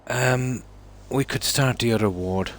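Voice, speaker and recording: A man's voice: mid-range voice, measured pace, a little hiss or hum. A man streaming a game, muttering and thinking aloud while he builds, in casual chat.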